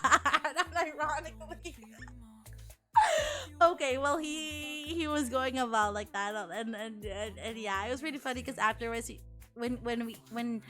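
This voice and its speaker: A woman from the Philippines, a VTuber streamer chatting casually with her chat, animated and laughing often, with casual swearing. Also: high-pitched.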